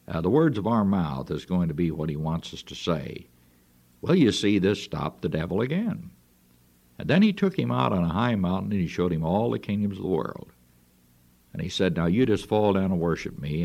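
A man with a low, gravelly voice preaches a radio sermon. His delivery is earnest and folksy, and his pitch rises and falls widely. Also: darkish tone.

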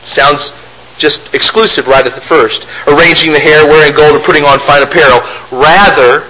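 High, bright-voiced male preacher. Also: fairly even intonation, normal speed, slight background noise, rough recording. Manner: reads scripture aloud, then explains with rhetorical questions; mocks opponents' arguments in a raised voice. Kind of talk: sermon.

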